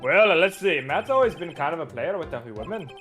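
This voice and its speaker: A woman's voice: sits low, animated, a little fast, a bit bright, faint music behind. A woman voicing a hairy, gossip-loving male TV actor, chatty and exclamatory, on a game stream. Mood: confiding.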